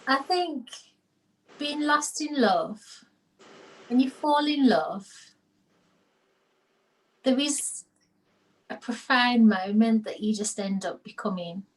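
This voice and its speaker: A woman's voice: fairly high pitch, animated, slow pace, long pauses, distant mic, low-quality recording. Reflective woman, a little off-mic. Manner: thoughtful, searching for words with restarts. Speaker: panel guest. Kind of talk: casual group discussion.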